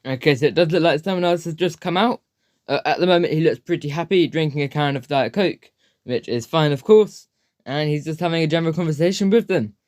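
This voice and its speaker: A man's voice: fairly high pitch, brisk, darkish tone. A man commenting on a video as reaction host, hesitant and hedging, leaning on filler phrases. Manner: hesitant, hedging, repeats "obviously".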